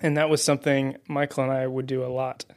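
Fast and a little mellow, this man's mid-range voice comes across flat as he co-hosts a faith podcast as a guest. The conversation is casual, and he's friendly and self-deprecating, using many fillers, with the microphone right at his mouth.

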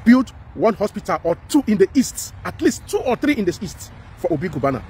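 This social commentator, a man with a Nigerian accent, pleads with his listener in fervent, emphatic, repetitive commentary. He sits high in pitch with a sing-song, slightly fast delivery and a darkish tone, over faint background noise.

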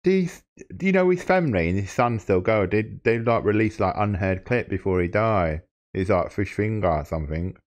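This is a young man with a lowish voice and cheeky, mock-serious banter. He drifts easily between a prank call and a casual plug for his channel. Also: expressive, a little fast. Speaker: prank caller and channel host.

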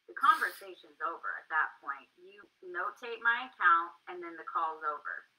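A woman's voice: lowish voice, animated, moderate pace, pushed and bright. A woman speaking bluntly and to the point in a casual group discussion. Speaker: group participant. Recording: distant muffled audio.

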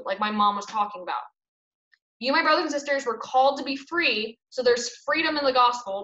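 A young woman leading a casual Bible study, reading verses and explaining them in a chatty, animated way full of "like" fillers. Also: on the high side. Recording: echoey room, dull lo-fi sound.

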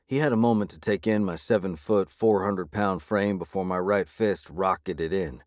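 A man reading a first-person audiobook in a measured, gritty way. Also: sits low, no echo, clean studio sound. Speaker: audiobook narrator.

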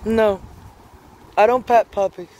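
A woman's voice: mid-range voice, steady tone, slow, warm tone, a little hiss or hum. A woman vlogging in a casual, rambling monologue, profane and offhand, laughing often as she talks outdoors on a street.

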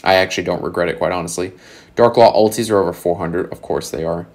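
A young man with a deep, low-pitched voice talks through collectible card prices in a loose, casual commentary. He is blunt and sarcastic and swears now and then. His voice is a little hoarse, as if he is losing it. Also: fast talker, darkish tone. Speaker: channel host.

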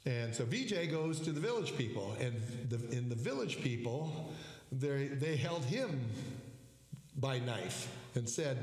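A man preaching as a pastor, telling a story in a slow, halting way with many fillers and restarts. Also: medium pitch, animated, a little mellow. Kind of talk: sermon storytelling. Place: church sanctuary. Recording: echoey church hall.

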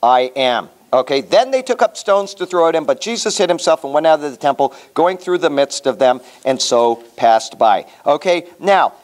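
A man's voice: a little high, lively intonation, moderate pace, few pauses. A man leading a Bible study class in a conversational way, asking the class questions as he teaches. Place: room with a small class.

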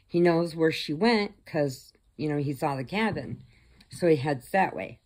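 Casting: a low-pitched woman vlogger, casual storytelling, lively character bits. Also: a little slow. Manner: chatty, animated, acts out the characters' voices. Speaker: crochet vlogger. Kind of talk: casual storytelling, retelling a film plot.

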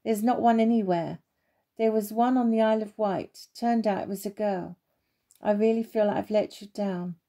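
A woman voicing an eager little storybook bird. He is nervous and apologetic, his voice soft and mellow. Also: mid-range voice, steady tone, normal speed, close to an everyday voice.

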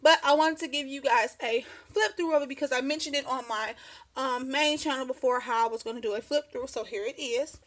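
A woman's voice: high voice, brisk, a bit bright. A woman in her thirties chatting casually through a craft show-and-tell at her home desk, rambling, laughing often and sounding slightly out of breath. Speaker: craft vlogger.

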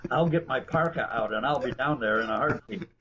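A man's voice: mid-range voice, brisk, fairly bright tone. A man being interviewed, telling stories in a chatty, anecdotal way, with frequent restarts. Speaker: guest author and researcher. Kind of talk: casual interview talk, storytelling. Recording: dull lo-fi broadcast audio with faint noise.

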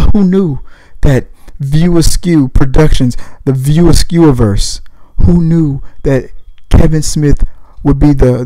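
Young guy, podcast host, very gravelly voice, dry close sound, loose and cursing. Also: on the high side, warm tone, dry recording, rough recording. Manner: rambling, profane, laid-back. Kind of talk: casual movie commentary.

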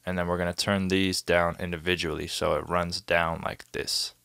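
Deep gravelly man over beat music. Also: normal speed, no echo. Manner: relaxed, talks through steps, vocalizes drum rhythms. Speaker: music producer teaching a tutorial. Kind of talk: casual screen-recorded tutorial. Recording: music playing behind the voice. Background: beat music playing.

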